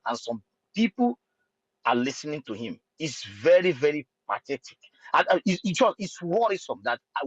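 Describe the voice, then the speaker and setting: Brief: man, mid pitch, halting delivery full of fillers, dry muffled sound. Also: husky, no room sound. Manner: hesitant, many fillers and restarts. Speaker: speaker in an online audio space. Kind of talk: impassioned political talk.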